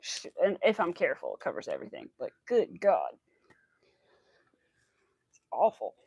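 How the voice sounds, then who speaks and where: A woman's voice: lowish voice, wildly swooping pitch, normal speed, vocal fry, a little mellow, husky, dry recording, in a whisper. A young woman hosting a crochet livestream, chatting casually and rambling through stories with quoted asides. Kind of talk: casual chat while crocheting.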